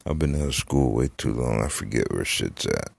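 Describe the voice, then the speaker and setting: A man's voice: rumbling low, animated, normal speed, vocal fry, slightly rough, no room sound. A middle-aged man hosting a casual solo podcast, rambling and swearing freely, trailing off into fillers. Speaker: podcast host. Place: Florida.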